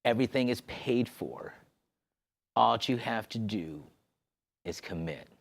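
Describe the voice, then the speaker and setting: A man's voice: medium pitch, expressive, a little slow, vocal fry. A man quoting a tearful pleading woman. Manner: soft, pleading.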